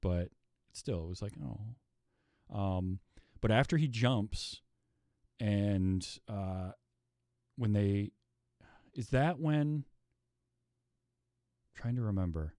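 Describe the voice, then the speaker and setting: Male podcast host, low voice, dry close sound, animated retelling of his reactions. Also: extremely slow, long pauses, no room sound. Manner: animated storytelling, acting out his own reactions. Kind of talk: casual chat about a film.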